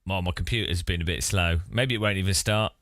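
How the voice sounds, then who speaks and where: Laughing streamer, gravelly voice. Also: male voice, sits low, fairly quick, a bit bright, dry recording, studio quality. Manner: laughs a lot, playful. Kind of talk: casual live-stream chat.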